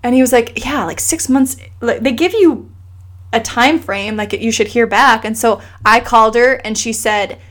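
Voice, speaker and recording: Earnest and emotional, a thirty-something woman guesting on a casual conversation recounts a personal experience, bringing others' remarks to life through lively, animated quoting. Her voice is a little high and her pace moderate.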